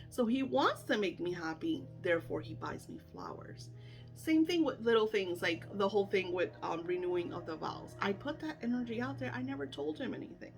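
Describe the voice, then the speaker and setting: A middle-aged woman coaching on manifesting in an animated, chatty way, full of fillers and acted-out self-talk. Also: a little high. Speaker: spiritual coach. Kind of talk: casual teaching chat.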